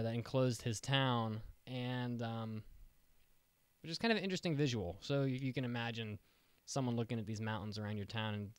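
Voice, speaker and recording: A man's voice: mid-range voice, a little mellow, smooth, dry recording. A man hosting a casual podcast, upbeat and joking, rambling with restarts. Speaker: podcast host.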